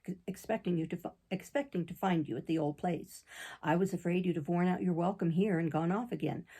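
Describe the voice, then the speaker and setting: A woman reading an audiobook, voicing a plain-spoken middle-aged father and former circus rider, with a gravelly, husky voice. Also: on the low side, warm tone. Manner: plain folksy country speech.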